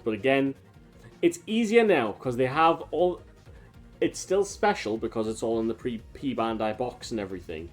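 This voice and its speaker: A man streaming a video game, chatting casually and wandering off into long tangents full of fillers. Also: mid-range voice. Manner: rambling, talks in long tangents with many fillers. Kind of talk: casual let's-play commentary. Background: faint game music.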